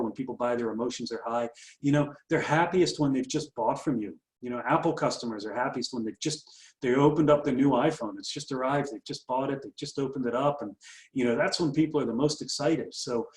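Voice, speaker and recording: Brief: man, business coach, brisk upbeat delivery, mid pitch, echoey room. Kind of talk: presenting marketing tips. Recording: roomy echo.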